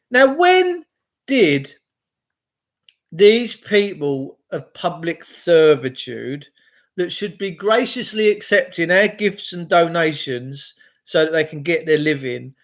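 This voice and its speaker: A man's voice: high voice, lively intonation, normal speed, a bit bright. A middle-aged man from England, giving a rambling, profane, chatty monologue to his viewers. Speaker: video host.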